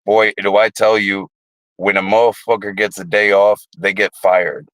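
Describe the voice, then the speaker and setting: A man's voice: fairly low pitch, little pitch movement, normal speed, fairly bright tone, no echo, low-quality recording. A man hosting a casual livestream, telling rambling, profane stories. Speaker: livestream host.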